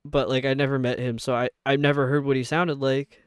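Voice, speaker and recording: A man's voice: medium pitch, level tone, brisk, clean tone, no echo, studio quality. A young man with a New York accent, chatting casually on a live stream in a rambling way, with lots of filler words. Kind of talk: casual chat while gaming.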